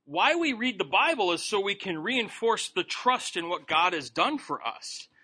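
Man teaching Bible study, folksy and joking, bright high voice. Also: big pitch swings, normal speed, breathy edge. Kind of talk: informal sermon.

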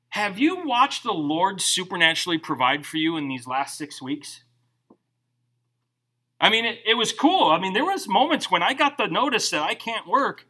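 Middle-aged male pastor, sermon, bright and animated, acts out quotes with humor. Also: high voice, normal speed. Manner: animated, joking storyteller who acts out quotes.

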